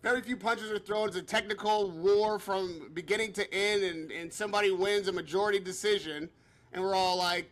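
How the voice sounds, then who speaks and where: A man co-hosting a casual boxing talk show, animated and repetitive. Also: sits high, brisk. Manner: animated, repeats himself. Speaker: co-host.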